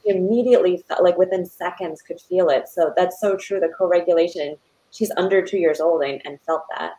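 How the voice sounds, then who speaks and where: A woman's voice: lowish voice, fairly quick, warm tone, rough recording. A woman in her thirties hosting a conversational interview, enthusiastic and personal. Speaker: host.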